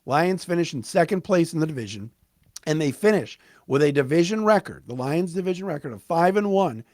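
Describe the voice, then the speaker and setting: A man hosting a solo sports podcast, recapping a game in an excited, emphatic, conversational way. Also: fairly high pitch, fairly quick, dry recording, studio quality. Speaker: podcast host.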